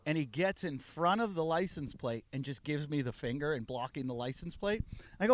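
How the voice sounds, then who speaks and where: A man's voice: fairly high pitch, brisk, slight background noise. A man telling a story on a podcast in a casual way, acting out the people in it. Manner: animated, acts out the people in his story. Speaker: podcast guest.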